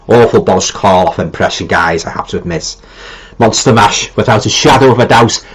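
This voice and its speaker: Reading viewer comments aloud during a live stream, this middle-aged Liverpudlian rambles chattily, with many ums, repeated starts and colloquial turns of phrase. His voice is on the low side, brisk and slightly breathy, and the audio is poor.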